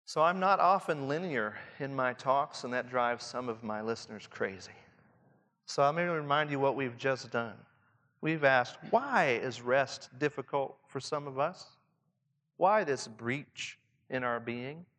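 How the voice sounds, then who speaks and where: A man with a Southern Indiana accent preaching a reflective sermon to pastors, often dropping to a soft hush to stress a point. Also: medium pitch, lively intonation, a little slow. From Southern Indiana, USA. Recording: long hall reverb.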